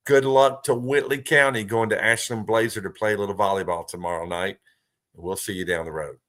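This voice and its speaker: A man's voice: fairly low pitch, fairly even intonation, brisk, fairly bright tone. A man, hosting a local sports talk show in an earnest, folksy way. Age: 50s. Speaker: host. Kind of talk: casual talk show chat.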